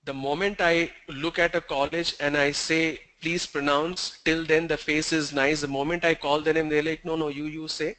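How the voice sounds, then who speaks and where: High, bright-voiced man teaching pronunciation. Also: little pitch movement, low-quality recording. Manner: drills word lists slowly, stressing each sound; tells stories to the class. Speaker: pronunciation trainer. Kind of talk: online pronunciation lesson.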